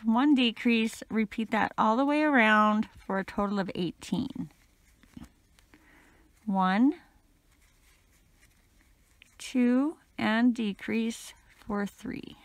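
A woman teaching a crochet pattern, counting stitches out loud, her voice a little crackly today. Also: on the high side, no room sound. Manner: slow, steady counting. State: slightly crackly voice. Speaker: crochet instructor.

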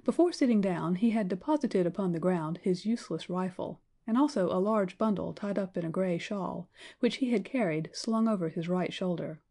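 A woman narrating an audiobook in a measured, storytelling manner. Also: on the low side, warm tone. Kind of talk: scripted narration.

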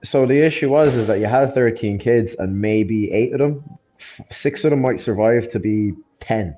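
A man's voice: mid-range voice, moderate pace. A fighter chatting as a podcast guest, laid-back and laughing easily, often repeating words as he restarts his sentences. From Ireland. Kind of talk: casual podcast chat. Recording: dull lo-fi sound with faint noise.

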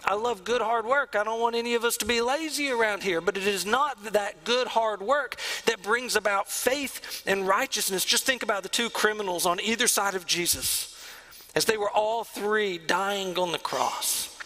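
A man preaching a sermon as the pastor of a church, earnest, sometimes dropping to a hush. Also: sits high, normal speed, low-quality recording. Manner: earnest preaching, drops to a hush on key lines. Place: church sanctuary.

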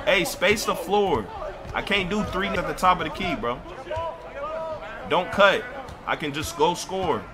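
A man's voice: sits high, a little slow, long pauses, crowd noise. A man in live game voice chat, trash-talking and bossing his teammates around. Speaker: gamer streamer.

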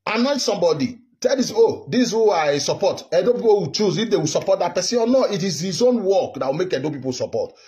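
A man's voice: sits high, big pitch swings, quick pace, few pauses, warm tone. A Nigerian man in his fifties from Edo State, delivering an indignant political rant straight to camera. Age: 50s. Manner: heated, indignant, repetitive. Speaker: political commentary vlogger. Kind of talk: direct-to-camera political monologue.

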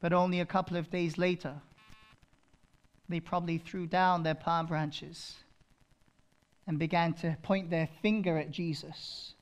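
A male pastor preaching a sermon, swinging from loud proclaiming to hushed intensity and repeating phrases for emphasis. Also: fairly high pitch, little pitch movement, measured pace, pauses often.

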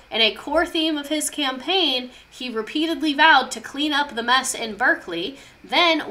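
Brief: woman history vlogger, casual and passionate, irreverent, with a clear and bright voice. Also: on the high side. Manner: irreverent, passionate, swears freely.

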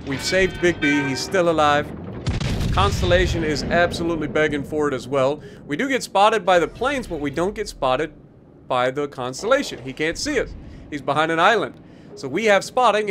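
Man, tired, casual gameplay commentary, slightly high voice, faint game music behind. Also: animated, moderate pace, fairly bright tone. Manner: casual, self-deprecating, explanatory. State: tired, yawning. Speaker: gaming YouTuber.

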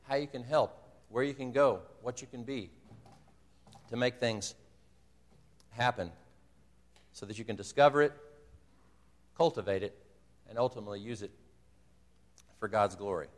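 A man delivering a sermon from the pulpit, his earnest storytelling carrying through a church sanctuary with a long, ringing reverb. His voice sits at an ordinary middle pitch as he retells a scene and quotes the people in it. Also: normal speed, long pauses. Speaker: preacher.

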